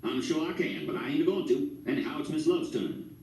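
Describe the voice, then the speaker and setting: A man playing a gruff stubborn old grandpa. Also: fairly high pitch, a little fast, darkish tone, voice pushed up, natural voice. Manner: folksy drawl. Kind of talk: audiobook character voice. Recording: roomy, distant mic.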